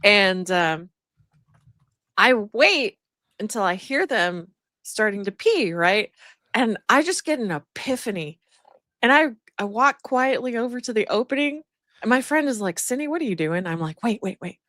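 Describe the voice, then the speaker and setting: A woman tells a story on a live stream, rambling through it with plenty of fillers and bursts of laughter. Her voice sits high and bright. The sound is dry and close. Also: expressive, measured pace, dry recording. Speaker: guest streamer. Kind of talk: casual storytelling on a livestream.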